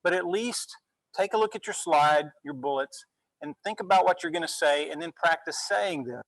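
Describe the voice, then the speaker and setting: A male university instructor giving a relaxed classroom lecture, often checking in with "okay?" as he goes. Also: a little high, moderate pace, creaky, dry recording, low-quality recording. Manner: conversational, frequent "okay?" check-ins.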